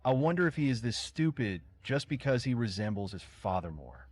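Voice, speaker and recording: A man voicing a sharp, scornful empress mother who scolds curtly in a story recap. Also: medium pitch, very animated, moderate pace, no echo. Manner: curt and scolding.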